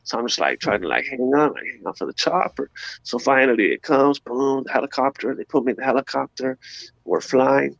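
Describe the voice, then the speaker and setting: A man, an interview guest, giving a personal testimony in an animated, slangy storytelling way, acting out sounds as he goes. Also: mid-range voice, brisk, gravelly, no room sound. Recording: dull lo-fi dry sound.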